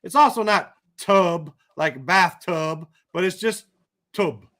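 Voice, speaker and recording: Male tutor, higher voice, unhurried, patient and encouraging. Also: bright, forceful tone. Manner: patient, encouraging, slow and careful. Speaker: Arabic teacher. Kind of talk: one-on-one tutoring lesson.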